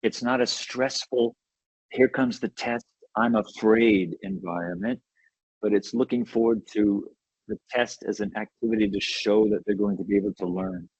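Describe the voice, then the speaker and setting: A man's voice: on the low side, moderate pace, darkish tone, slightly rough, dry recording, rough recording. A man giving an educational webinar talk in an enthusiastic, conversational way, often checking in with "right?". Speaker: webinar presenter.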